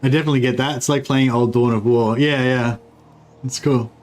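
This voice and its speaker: A man's voice: medium pitch, fairly even intonation, brisk, a little mellow. A man streaming a strategy game, thinking aloud in hesitant, casual commentary and swearing now and then. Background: faint game music.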